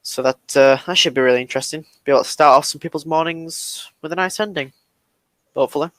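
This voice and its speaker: A man's voice: a little high, fast talker, fairly bright tone, dry recording. A British man chatting casually as a podcast co-host and story reader, easygoing and talkative. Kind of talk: casual chat.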